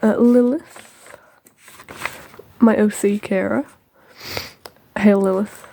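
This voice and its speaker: A teenage girl chatting casually through a tour of her sketchbook, rambling with lots of ums and quick asides. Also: medium pitch, fairly even intonation, creaky, dark tone, a little hiss or hum.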